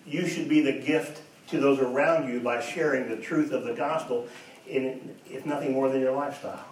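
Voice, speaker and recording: Steady and mid-range, a male pastor's voice moves at a moderate pace as he earnestly and emphatically preaches, questioning his congregation rhetorically and restating his points. Faint noise and heavy church echo come through a distant microphone.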